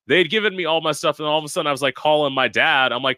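Young male guest, candid and dramatic storyteller; bright, slightly high voice, dry sound. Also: steady tone, very fast, no room sound. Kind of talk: telling a personal story.

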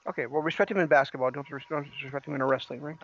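A man co-hosting a casual podcast, teasing his partner in quick banter. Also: a little high, steady tone. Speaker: podcast co-host. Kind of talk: casual chat. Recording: dull lo-fi audio.

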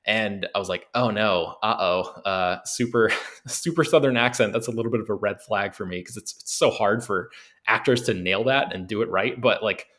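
A man's voice: fairly low pitch, normal speed, a bit bright. A man from the United States chatting casually as a podcast co-host, rambling and hesitant, often restarting his sentences. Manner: rambling, hesitant, trails through many restarts.

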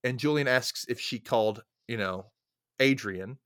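A man's voice: mid-range voice, measured pace, no echo, clean studio sound. A man hosting a podcast, recapping a movie in a casual, laid-back way and acting out the characters' lines. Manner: laid-back, acts out characters with sudden loud yelps. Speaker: podcast host.

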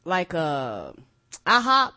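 A woman co-hosting a podcast, chatting casually in a relaxed way that trails off. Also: on the low side, extremely slow. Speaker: podcast co-host. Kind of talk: casual chat.

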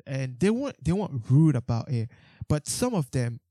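A man's voice: mid-range voice, very animated, normal speed, dark tone, no echo, studio quality. A young man telling a story about his street photography in a casual, rambling way, with lots of fillers, restarts and some swearing. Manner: swears when exasperated.

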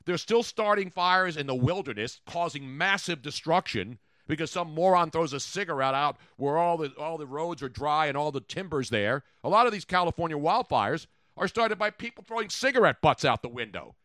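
A man hosting a podcast in casual comedic chat, rambling and animated as he tells stories. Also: fairly high pitch, normal speed, hardly any pauses, no room sound. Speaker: podcast host.

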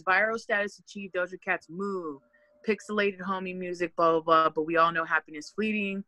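Low-voiced woman hosting a podcast, swears a lot, super animated, dry close sound. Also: fairly quick, dry recording, rough recording. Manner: loud, profane and animated, swings in pitch. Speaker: podcast co-host. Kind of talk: casual podcast chat.

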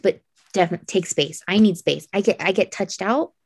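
A woman's voice: mid-range voice, fairly quick, husky, no room sound, clean studio sound. A woman who homeschools her children, talking earnestly as a podcast guest and repeating phrases for emphasis. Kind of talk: casual podcast chat.

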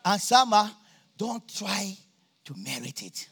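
A high-pitched preacher, a man with a husky, gravelly voice. He laughs easily and swings from easy chat to sudden shouts. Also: very animated, takes it slowly. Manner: jovial, laughs often, bursts into shouts. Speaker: pastor. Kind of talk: sermon. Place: church campmeeting.

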